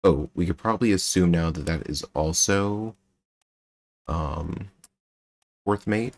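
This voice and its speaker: A man's voice: low voice, slow pace. A man with a General American accent, streaming a game playthrough and thinking aloud as he works through clues. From United States. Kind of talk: live game playthrough commentary.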